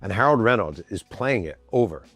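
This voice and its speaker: Lively fifty-something male storyteller. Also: on the low side, fairly quick, no room sound, soft background music. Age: 50s. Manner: lively, acts out quotes, swears casually. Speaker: podcast host. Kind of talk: animated sports storytelling. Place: home office.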